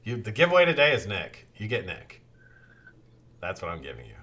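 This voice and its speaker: A man hosting a live stream, chatting casually and greeting viewers in the chat one by one, swinging from loud calls to low muttering and swearing freely. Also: wildly swooping pitch, fairly quick.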